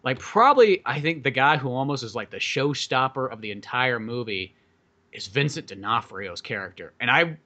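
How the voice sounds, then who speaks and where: A man's voice: medium pitch, animated, moderate pace, pushed and bright, dull audio. A man co-hosting a movie podcast, talking casually in a rambling, profane way with many fillers. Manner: rambling, profane, lots of fillers, acts out quoted lines. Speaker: podcast co-host. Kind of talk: casual movie review chat.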